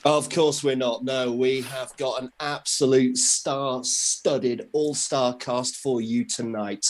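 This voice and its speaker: A man's voice: medium pitch, steady tone, slow. Cheeky, self-deprecating male co-host. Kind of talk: casual chat.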